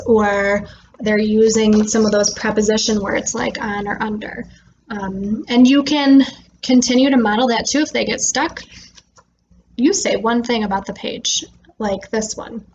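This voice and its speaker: A woman speech therapist explaining reading tips to parents in a relaxed way, with frequent "um" fillers, slowing down to stress words when she models them. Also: mid-range voice, dull audio, slight background noise. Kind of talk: instructional talk to parents.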